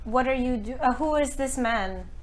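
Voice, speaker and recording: A woman's voice: high voice, moderate pace. A woman playing in a tabletop game, chatting casually with a teasing, upbeat manner. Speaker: player.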